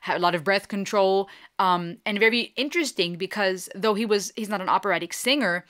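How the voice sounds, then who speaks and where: A woman from Germany talks through her reaction in a loose, chatty way, thinking out loud and slipping in German phrases. Her voice sits in a middle pitch for a woman. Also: fairly quick. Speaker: reaction channel host. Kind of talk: casual reaction commentary.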